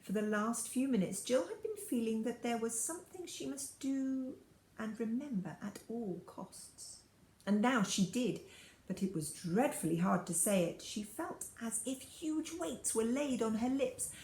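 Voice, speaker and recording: A woman's voice: on the high side, animated, a little slow, a little mellow, reverberant, poor audio. A woman reading a children's story aloud expressively. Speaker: storybook reader.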